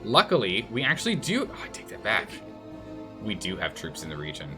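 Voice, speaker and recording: A man with a low voice talks through a strategy game live. His pitch swings up and down a lot as he thinks aloud and scolds the game's nations. Faint music plays behind him. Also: wildly swooping pitch, brisk. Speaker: game streamer. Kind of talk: live gameplay commentary.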